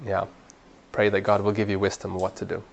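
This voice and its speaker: A man teaching a training class in an earnest way, repeating words as he builds a point and growing animated when he urges people on. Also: low voice, fairly quick, gravelly, highs cut off, slight background noise. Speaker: Bible study trainer.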